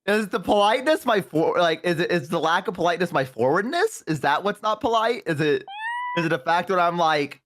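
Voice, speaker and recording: A man telling rambling stories in a casual chat, swearing and laughing loudly. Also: high-pitched, animated, fairly quick, no echo. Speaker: guest on a stream.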